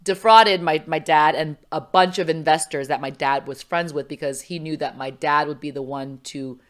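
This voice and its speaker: Speaking at a moderate pace in a low voice, a middle-aged podcast guest tells a personal story in a casual way. Her telling is animated, packed with fillers and acted-out voices.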